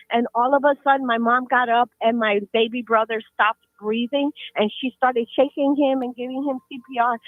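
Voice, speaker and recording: A woman's voice: on the high side, steady tone, normal speed, dry recording. A woman calling into a radio show, earnestly telling a true story. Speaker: caller. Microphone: phone. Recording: tinny phone line.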